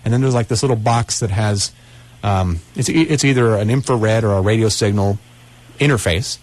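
A man with a somewhat low voice runs a call-in tech show from a radio studio. He talks in a loose, folksy way, circling back and restarting his sentences as he explains things. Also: moderate pace, darkish tone. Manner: rambling, restarts often, folksy. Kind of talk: casual call-in radio chat.

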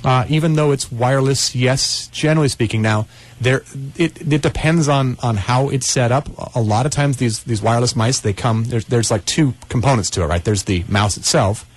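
A man's voice: mid-range voice, normal speed. A man hosting a call-in computer help radio show, talking casually and rambling with frequent restarts. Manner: rambling, restarts often, folksy. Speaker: radio tech show host.

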